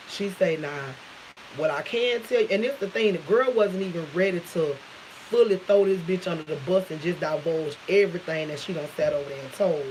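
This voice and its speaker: A woman vlogger casually retells a dramatic story, swearing freely and acting out what others said in shifting quoted voices. Her speech is profane and dialect-rich, her voice lowish at a moderate pace. The audio is poor, with slight background noise.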